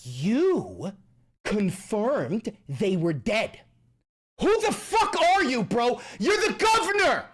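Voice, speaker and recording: A woman streamer in a livestream rant, furious and profane, shouting and repeating phrases for emphasis. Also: a little high, very animated, slow, husky.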